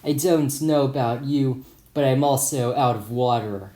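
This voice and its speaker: A man's voice: mid-range voice, fairly even intonation, a little slow, mellow, lightly acted. A man voicing a casual young male friend in an audiobook, laid-back and plain. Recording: roomy echo.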